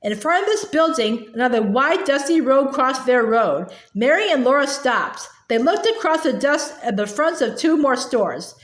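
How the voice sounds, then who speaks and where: A woman reading a children's book aloud in a halting way, with fillers and restarts. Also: high voice, lively intonation. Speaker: reader. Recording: echoey room.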